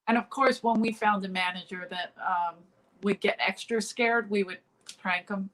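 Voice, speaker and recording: A woman's voice: medium pitch, moderate pace, fairly bright tone, rough recording. A woman comedian in a casual interview, telling stories full of fillers and restarts over a remote call. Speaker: comedian guest.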